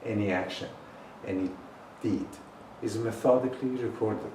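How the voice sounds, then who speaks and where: A man leading a guided meditation as a healing teacher, intoning slowly and deliberately with long pauses. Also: on the low side, warm tone. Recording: roomy echo, voice far from the mic, faint noise.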